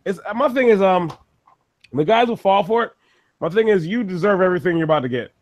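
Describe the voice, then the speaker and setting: A man's voice: high voice, lively intonation, brisk, lo-fi sound. A man from the United States who co-hosts a podcast, ranting profanely in casual chat and laughing often. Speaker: podcast co-host.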